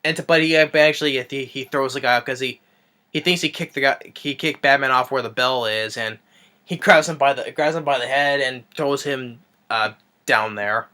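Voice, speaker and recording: Guy doing a loose movie recap, bright forceful voice, lots of ums and restarts. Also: mid-range voice, moderate pace. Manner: rambling, full of fillers and restarts. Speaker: movie reviewer.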